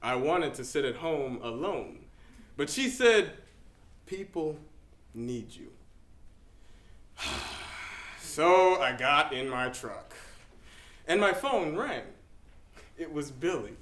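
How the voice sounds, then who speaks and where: A young man performs a middle-aged pastor facing a fatal illness, his voice rising and falling with lively swings, and a slow, deliberate pace. He moves from wry, half-laughing asides to hushed gravity. The sound rings through a roomy hall. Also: fairly high pitch, full character voice. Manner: shifts from wry humor to quiet gravity, with soft laughs. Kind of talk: dramatic interpretation performance. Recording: echoey hall.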